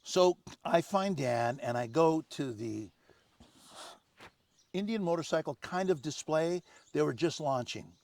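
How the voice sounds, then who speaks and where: Older male guest: gravelly, somewhat high voice, dry close sound, lively storyteller. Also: measured pace, dry recording. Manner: animated anecdotes, acting out other people's lines. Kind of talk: storytelling in casual conversation. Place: home on Maui.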